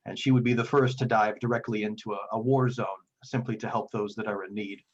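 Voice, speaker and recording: A man's voice: lowish voice, steady tone, brisk, close to an everyday voice. A man voicing a kindly, gracious old male priest who speaks formally and solemnly, in a slightly muffled recording. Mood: grave.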